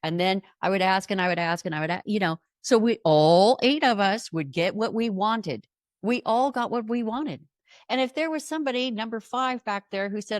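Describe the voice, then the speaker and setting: A woman's voice: mid-range voice, moderate pace, no echo, clean studio sound. A middle-aged woman hosting a motivational podcast, telling stories and acting out the people in them. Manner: animated storytelling, acts out quoted voices. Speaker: podcast host and coach. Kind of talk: motivational monologue.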